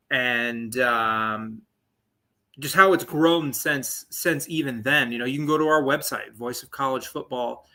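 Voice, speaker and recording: A man's voice: mid-range voice, bright, forceful tone. A man in his late twenties hosting a live sports talk show, rambling and chatty with many fillers and asides. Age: 20s. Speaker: sports podcast host.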